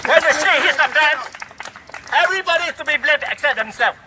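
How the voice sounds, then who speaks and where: A man's voice: very high voice, animated, a little fast, bright, forceful tone, some chatter behind, a little hiss or hum, rough recording. A middle-aged man with a Singaporean English accent giving a fiery, rhetorical speech that scolds the government, recorded outdoors in a city. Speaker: speaker at a public rally. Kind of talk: impassioned public speech.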